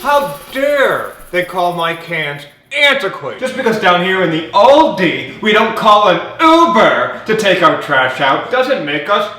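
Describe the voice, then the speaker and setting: A man's voice: sing-song, a little slow, pushed and bright, reverberant, slight background noise, exaggerated voice. A man playing a fussy, theatrical, indignant middle-aged suburban woman in a comedy web series. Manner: dramatic, indignant, swooping pitch.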